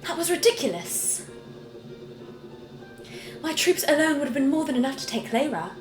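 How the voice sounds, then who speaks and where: A woman's voice: high-pitched, sing-song, moderate pace, pitched above the performer's own voice. A woman voicing a stern, proud woman general, with a commanding delivery and an attempted accent. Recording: roomy, game music behind.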